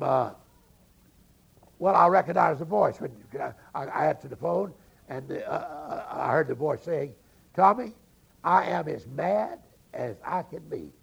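A man preaching, telling a story slowly with drawn-out, emphatic phrasing and a gravelly voice. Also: a little high, highs cut off. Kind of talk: storytelling sermon.

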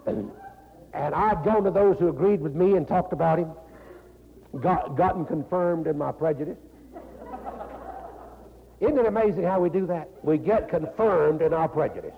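Gravelly North Carolina preacher with lively pitch. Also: male voice, moderate pace, long pauses. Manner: folksy, laughing, animated preaching with repeated "you know". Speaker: pastor. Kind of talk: sermon. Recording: dull lo-fi recording in a reverberant hall.

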